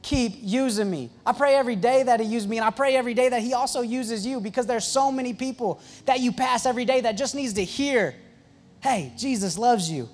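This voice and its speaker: Man, young adult, youth pastor, storytelling sermon, very high-pitched, joking asides. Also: soft background music. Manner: excitable and joking, with quick asides and restarts.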